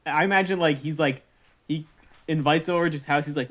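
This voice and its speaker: A man's voice: fairly high pitch, a little fast. A man riffing on a podcast in loose, casual chat, laughing as he goes and sometimes slipping into goofy voices. His sound is a bit muffled and lo-fi. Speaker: podcast co-host. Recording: slightly dull lo-fi mic.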